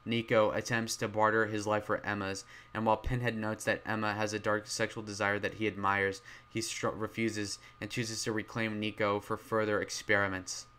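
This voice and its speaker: Loud, rambling man reviewing films. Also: fairly low pitch, level tone, moderate pace, hardly any pauses, smooth. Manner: loud, rambling, with many fillers and restarts. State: straining, losing his voice. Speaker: movie reviewer. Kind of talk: casual spoken film review.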